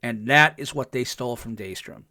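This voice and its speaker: A podcast co-host with a medium-pitched, bright, forceful voice recaps a TV episode a little fast, casually and enthusiastically, with lots of fillers. The studio-quality recording is dry, with no room sound.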